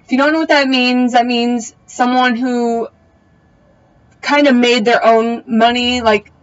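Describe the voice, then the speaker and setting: A woman's voice: a little high, fairly even intonation, unhurried, dull audio. A young woman giving a casual, opinionated recap of a TV episode, full of slangy asides. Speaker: TV recap vlogger.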